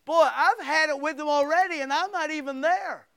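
A man preaching a sermon and reading scripture aloud, emphatic, swinging between loud outbursts and hushed asides. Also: extremely high pitch, normal speed, few pauses, dry recording, clean studio sound.

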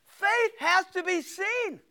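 A man preaching a sermon and reading scripture aloud, emphatic, swinging between loud outbursts and hushed asides. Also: extremely high pitch, slow, dry recording, studio quality.

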